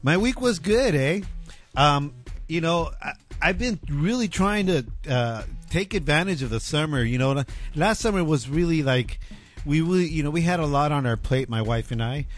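A man's voice: fairly high pitch, lively intonation, normal speed. A man in his thirties co-hosting a casual talk show, joking and tagging his lines with "eh?". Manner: joking, playful, tags lines with "eh?". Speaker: co-host. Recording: music bed playing faintly behind.

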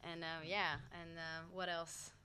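A woman's voice: on the low side, flat delivery, measured pace, bright, forceful tone, a little hiss or hum. A woman with a French accent, a band's singer, chatting frankly and casually as a guest on a talk show. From France. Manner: frank, laughing, swears casually. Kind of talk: casual interview chat. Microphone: studio mic.

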